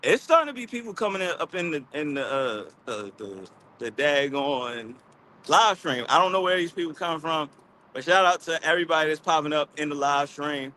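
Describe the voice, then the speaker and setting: A man's voice: on the high side, animated, moderate pace, sharp tone, a little hiss or hum. A man from Baltimore with a Baltimore accent, chatting loosely and slangily on a livestream while out walking. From Baltimore, USA. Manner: loose, rambling, slangy, with many fillers. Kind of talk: casual livestream chat. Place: outdoors, walking.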